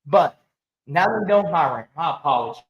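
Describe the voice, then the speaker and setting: Animated man ranting in an echoey room. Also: on the high side, a little fast, dull audio. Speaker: host. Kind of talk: casual sports talk.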